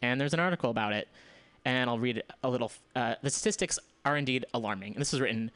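A man's voice: mid-range voice, fast, a bit bright, no echo. A man hosting a community radio show, running through news items in a loose, casual way, with asides and restarts. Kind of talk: casual news roundup and commentary.

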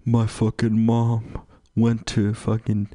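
A man's voice: lowish voice, monotone, takes it slowly, dark tone, dry recording, studio quality. A man mimicking a whiny, boastful male basketball star in a drawling, mock-tearful way.

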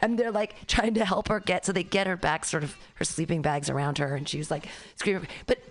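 A woman comedian in casual chat, telling neighborhood stories and acting out loud shouted quotes with laughter. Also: on the low side, steady tone, brisk. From San Francisco area.

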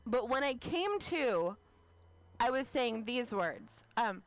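A woman stand-up comic in her thirties from California tells a rambling, self-mocking story. Her voice sits a little high, and she fills her lines with "like.". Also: big pitch swings, slow pace. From California, United States. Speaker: stand-up comedian. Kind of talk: stand-up comedy set.

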